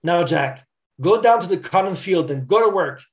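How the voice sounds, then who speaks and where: A man's voice: high voice, expressive, moderate pace. A harsh, commanding slave master barks orders at a man he has flogged, read aloud by a preacher in his own plain voice. The delivery is firm and stern rather than fully acted. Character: harsh male slave master, later broken.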